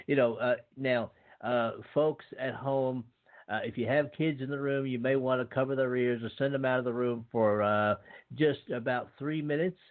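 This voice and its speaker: A man's voice: medium pitch, fairly even intonation, normal speed. A man hosting a radio talk show, rambling and chummy, with lots of hesitations. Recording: tinny phone-line audio.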